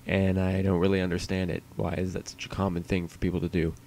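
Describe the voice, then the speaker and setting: A man with a very low, mellow voice chats to himself on a livestream. His talk wanders and is full of swearing and jokes at his own expense, with the loose ease of someone killing time. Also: flat delivery, fast, gravelly, a little hiss or hum. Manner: rambling, profane and self-mocking. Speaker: streamer. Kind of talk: casual solo livestream chatter.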